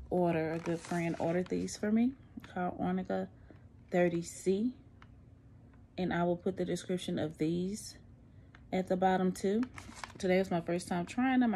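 A middle-aged woman talks into her phone at home, her voice sitting a little low. She sounds out of breath and tired, chatting candidly in a casual vlog. Faint room noise stays in the background. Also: gravelly, dark tone. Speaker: vlogger. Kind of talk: casual post-surgery recovery vlog.

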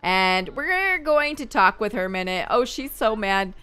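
A woman's voice: medium pitch, sing-song, a little slow, bright, forceful tone, clean tone. A woman hosting a gaming video, chatting casually through her gameplay and exclaiming at what happens on screen.

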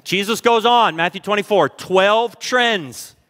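A fervent male pastor preaches from a church stage, his voice sitting high for a man. He races through lists, then slows to lean hard on each word of scripture, with exclamations between points. His words ring out with a long reverb from the large hall. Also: a bit bright. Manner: fervent, exclamatory, fast bursts then slow emphatic readings. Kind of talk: sermon.

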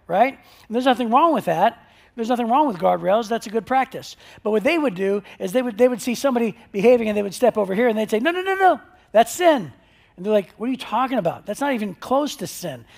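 High-voiced gravelly male preacher. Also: darkish tone. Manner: conversational, joking storyteller. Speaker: pastor. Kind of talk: sermon.

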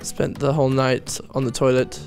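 A man's voice: medium pitch, completely flat delivery, moderate pace, a little mellow, faint music behind. A young man chatting casually in an interview, easygoing and rambling. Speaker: YouTuber guest. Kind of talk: casual chat.

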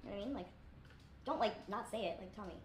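A woman's voice: mid-range voice, rapid-fire, slight background noise. A woman YouTuber chatting casually on her vlog, rambling and self-deprecating, full of fillers. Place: indoors in a rented place with friends. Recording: echoey room.

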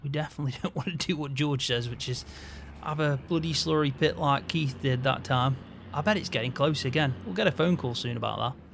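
Gravelly, easygoing man. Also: medium pitch, a little fast, hardly any pauses, a bit bright, slight background noise. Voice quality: easygoing, chatty, frequent mild swearing. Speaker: roleplay channel host as farm hand. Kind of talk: casual game roleplay narration.

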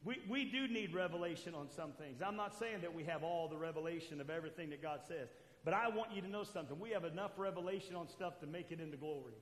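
A man preaching a sermon as pastor, swinging between loud calls to the church and quiet asides. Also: a little high, fast talker. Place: church sanctuary. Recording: echoey church hall.

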